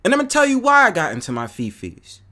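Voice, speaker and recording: A man from New City, hosting a live stream and ranting casually to his chat viewers, profane and animated. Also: sits high, quick pace. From New York City. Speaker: host.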